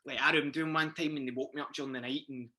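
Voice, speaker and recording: Speaking very fast with a bright, forceful tone, this young Scottish man in his twenties is a guest footballer on a podcast. His mid-range voice stays fairly even as he rambles through sweary dressing-room tales full of restarts, in casual chat.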